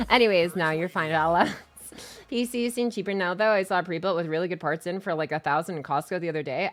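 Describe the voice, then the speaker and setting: A young woman streaming and chatting casually with her viewers, rambling with lots of fillers and restarts and breaking into excited squeals. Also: on the low side, brisk. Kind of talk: casual chat reading stream chat.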